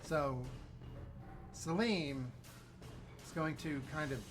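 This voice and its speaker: A man taking his turn in a tabletop game. His voice is fairly high for a man. He rambles and hesitates, with plenty of fillers. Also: moderate pace, faint music behind. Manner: rambling and hesitant, with loud in-character shouts. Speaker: player. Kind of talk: casual tabletop game play.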